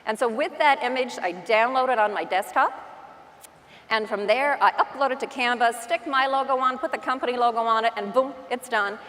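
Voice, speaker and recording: A woman's voice: a little high, brisk, fairly bright tone. Chatty woman with a Newfoundland accent, big hall. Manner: chatty, self-deprecating storyteller. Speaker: real estate agent giving a conference talk. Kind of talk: conference keynote talk. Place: large conference hall.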